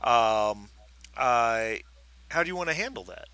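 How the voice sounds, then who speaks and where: Bright-voiced man running a tabletop game. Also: mid-range voice, lively intonation, unhurried, smooth, no room sound. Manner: thoughtful, with many fillers. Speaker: game master.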